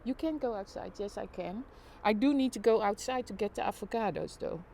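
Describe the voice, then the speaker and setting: A woman's voice: medium pitch, animated, fairly quick, vocal fry, warm tone, a little hiss or hum. A middle-aged woman chatting playfully on a live stream from home, recorded on her phone, with giggles and mock sports commentary. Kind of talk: casual live-stream chat. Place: at home in an apartment during lockdown. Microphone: phone held while filming.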